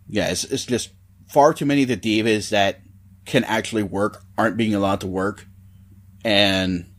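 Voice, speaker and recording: A man co-hosting a wrestling podcast in casual chat, enthusiastic and often repeating words as he starts a thought. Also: on the low side. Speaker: podcast co-host.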